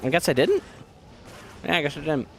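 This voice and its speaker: A man's voice: fairly high pitch, huge pitch swings, brisk, gravelly, a little hiss or hum. A man streaming a game, chatting casually and rambling with his viewers while his throat keeps catching. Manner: rambling, chatty, talks to chat. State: scratchy throat, coughing and clearing throat. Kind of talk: casual gaming stream chat.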